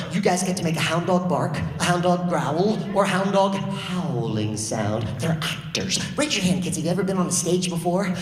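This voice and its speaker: A storyteller telling a spooky tale to children, playful and lively, drawing the audience in with questions, recorded live on a large theatre stage. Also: mid-range voice, roomy sound, in a large hall.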